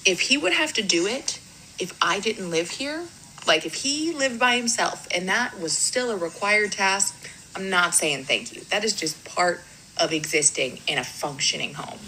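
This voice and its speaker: Bright-voiced matter-of-fact woman. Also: medium pitch, animated, moderate pace, a little hiss or hum, rough recording.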